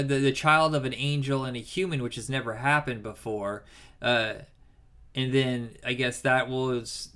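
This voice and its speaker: A man's voice: medium pitch, a bit bright, clear, resonant tone. Rambling, enthusiastic male podcast co-host. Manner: rambling, enthusiastic, swears freely. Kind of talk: casual movie discussion.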